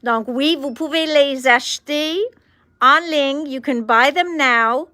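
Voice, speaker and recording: A chipper woman hosts a live shopping stream. She greets her viewers one by one at an unhurried pace, in a fairly high voice. The sound is dry and close, with no room around it. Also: pushed and bright, dry recording. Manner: chipper, greets viewers by name, switches between English and French. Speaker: shop host on a livestream.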